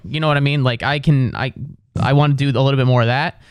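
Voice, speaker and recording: A man's voice: mid-range voice, fairly even intonation, fast, smooth, no echo, clean studio sound. A male comedian and podcast host from the Midwest, talking in an easygoing, self-deprecating way. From American Midwest. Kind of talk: casual chat.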